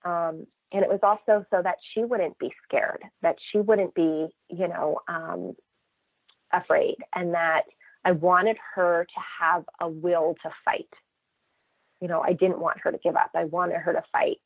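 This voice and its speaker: Middle-aged woman guest, expressive storyteller, slightly low voice, thin phone-line audio. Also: a little slow, no echo. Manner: lively, expressive, acts out quoted voices. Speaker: guest, mother of a child cancer patient. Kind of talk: casual interview storytelling. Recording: tinny phone-line sound, dry.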